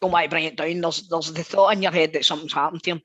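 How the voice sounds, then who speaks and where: High-voiced, excitable Scottish man. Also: very fast. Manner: excitable, blunt and sweary. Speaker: podcast regular. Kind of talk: casual chat.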